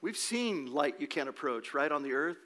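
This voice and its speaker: Male preacher, slightly high, bright voice; emphatic sermon delivery with rhetorical questions. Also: expressive, normal speed. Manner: emphatic, asks rhetorical questions, repeats words. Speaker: pastor.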